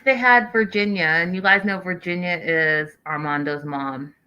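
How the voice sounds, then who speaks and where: A woman in her thirties hosts a casual live recap, chatting through the episode and answering viewers in the chat. Her voice sits a bit low but sounds bright and forward. She keeps an easy, conversational flow. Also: normal speed, clear, resonant tone, muffled recording. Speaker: host of a reality TV recap show.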